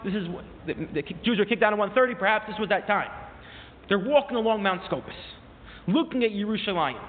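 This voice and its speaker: A high-pitched man lectures to a class, telling a story with animated, climbing emphasis. He stops often to quote and translate old sources. His voice sounds thin and phone-like, with a long reverb tail as if in a big hall. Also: fairly quick, slight background noise. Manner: mixes in quoted source phrases and restarts. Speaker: teacher.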